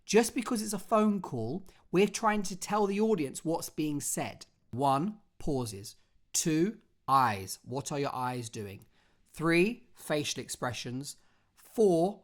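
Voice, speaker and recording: Expressive drama teacher. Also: medium pitch. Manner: expressive, theatrical delivery; clear step-by-step instructions. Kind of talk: online drama lesson.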